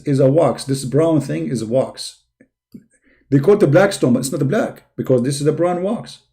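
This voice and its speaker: A man hosting a video, talking sarcastically in a mocking commentary and drawing out his questions slowly. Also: fairly high pitch, dark tone. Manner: sarcastic, with slow, drawn-out questions. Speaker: video host. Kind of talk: mocking commentary with a comic skit.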